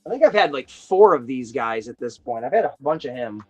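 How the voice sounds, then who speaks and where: A man hosting a casual live stream, chatting in a rambling, excitable storytelling way. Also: mid-range voice, a little fast, slightly rough, soft background music. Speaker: host of a toy chat live stream. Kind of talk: casual chat.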